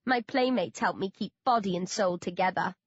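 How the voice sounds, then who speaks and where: Woman reading a creepy childish man, cooing then croaking, dull dry audiobook sound. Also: medium pitch, normal speed, no echo, lightly acted. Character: creepy grown man who coos over children.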